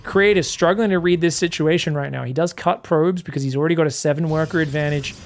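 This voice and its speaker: A man casting a live strategy game match with excitable, casual play-by-play that swings between hype and relaxed chat with viewers. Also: fairly high pitch, quick pace. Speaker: esports caster.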